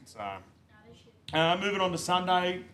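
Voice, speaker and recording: An Australian man with a high, bright voice runs through the weekend's footy games in a laid-back, joking way. He leans on fillers like "um" and "so" and keeps the chat casual. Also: flat delivery, a little slow. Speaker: footy tipping host.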